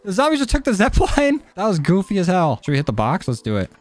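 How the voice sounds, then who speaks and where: A young man giving casual, jokey gameplay commentary, cursing and getting excited as he plays. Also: sits high, quick pace. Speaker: gaming YouTuber. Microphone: desk mic.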